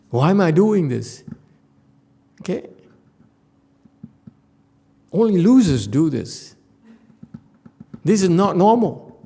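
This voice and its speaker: Male Buddhist teacher, high, animated voice, slow delivery, blunt and playful in lecture. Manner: blunt, teasing, acts out students' whining voices. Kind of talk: dharma lecture. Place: temple lecture hall.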